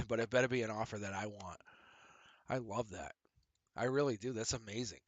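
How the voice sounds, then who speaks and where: A man doing a live-streamed tarot reading, animated and profane, laughing often and acting out little quoted voices. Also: on the low side, moderate pace, no echo, muffled recording. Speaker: tarot reader.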